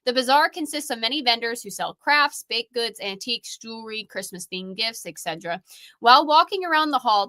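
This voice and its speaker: A woman's voice: on the high side, bright, forceful tone. A young woman co-hosting a paranormal show, reading a case file aloud in a playful, laughing way. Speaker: co-host, paranormal investigator.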